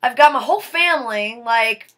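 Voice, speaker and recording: A woman's voice: on the high side, expressive, moderate pace, a bit bright. A young woman telling a personal story to her viewers in an earnest, emphatic way. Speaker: vlogger.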